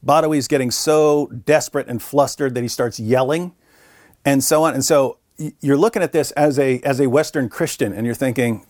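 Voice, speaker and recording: A middle-aged man, a guest in an interview, telling a story in a relaxed, chatty way and briefly acting out the voices of people he quotes. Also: mid-range voice, fairly quick, no echo, studio quality. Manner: animated, acts out quoted voices. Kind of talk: conversational storytelling.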